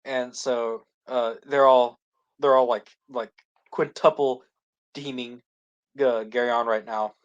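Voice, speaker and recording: Man, podcast co-host, casual rambling recap, mid-pitched voice. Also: steady tone, slow, lo-fi sound. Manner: rambling, heavy use of "like" and restarts. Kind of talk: casual episode recap chat.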